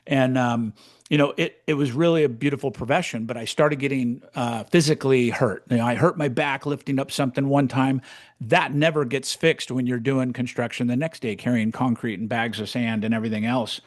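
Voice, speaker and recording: A man's voice: medium pitch, fairly quick, dry recording, clean studio sound. Blunt, swearing man in his sixties. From California. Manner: blunt, swears freely, animated storytelling. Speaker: podcast co-host, real estate coach. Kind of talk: casual storytelling chat.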